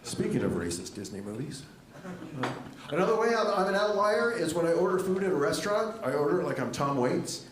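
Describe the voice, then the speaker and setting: A middle-aged male stand-up comedian on stage at a comedy club, delivering jokes with a dry, wry deadpan through a handheld mic. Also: fairly quick, noisy background. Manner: dry, wry deadpan with lively jumps in pitch. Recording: echoey club room with audience laughter.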